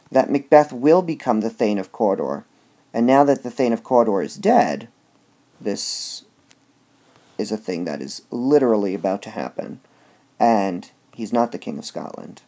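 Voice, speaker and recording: A man's voice: lowish voice, dark tone. A man giving a casual lecture that reviews a play, explaining step by step and often saying "all right". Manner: explains step by step with filler words.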